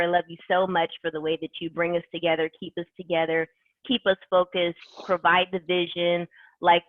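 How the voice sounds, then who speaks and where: A woman's voice: fairly low pitch, no room sound. Enthusiastic woman on a tinny call. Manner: enthusiastic, rambling, many fillers. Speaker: team leader closing a conference call. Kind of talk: casual motivational talk. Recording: tinny conference call line.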